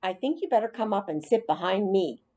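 A woman's voice: mid-range voice, animated, a little fast, warm tone, lightly acted. A woman voicing a firm, commanding school bus driver woman. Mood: stern.

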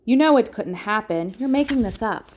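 A woman's voice: on the high side, animated, moderate pace, a little mellow, voice pushed up. A woman reading aloud and voicing a stern, practical farm mother who speaks in a firm, scolding way.

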